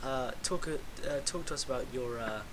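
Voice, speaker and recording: A man's voice: mid-range voice, moderate pace, background noise. A man hosting a casual podcast, teasing his co-hosts and laughing often. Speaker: podcast host. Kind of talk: casual banter.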